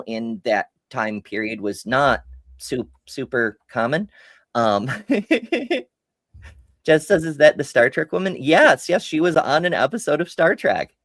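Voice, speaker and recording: With a bass voice and no room sound, a woman co-hosting a podcast reads viewer comments from the chat. She then reacts with frank, blunt comments, keeping things casual.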